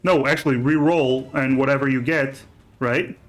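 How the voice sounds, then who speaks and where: A man acting as game master, ruling on the rules with pauses and hesitations. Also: medium pitch, steady tone, faint music behind. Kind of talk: running a tabletop game.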